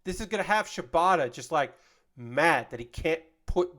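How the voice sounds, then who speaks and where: A man's voice: fairly high pitch, animated, moderate pace, a bit bright. A man in his thirties hosting a casual livestream, ranting with passion and heavy profanity, repeating and restarting his sentences. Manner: repeats himself and restarts often. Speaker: livestream host.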